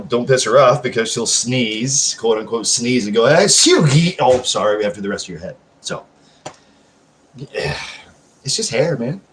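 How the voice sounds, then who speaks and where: A man sits at home hosting a live stream, chatting casually with viewers as he answers chat messages, rambling and swearing constantly. His voice is medium in pitch, with slight background noise.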